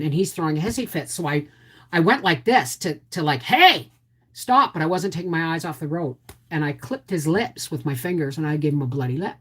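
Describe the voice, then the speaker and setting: A middle-aged woman hosting a live stream, telling a family story with animated acted-out quotes and frequent asides of "right?". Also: lowish voice, slightly rough. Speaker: homestead channel host.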